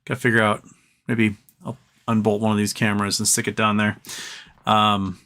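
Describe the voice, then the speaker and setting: A man's voice: fairly low pitch, level tone, normal speed, sharp tone. A man hosting a live stream from home, chatting casually, answering viewer comments and trailing off into rambles.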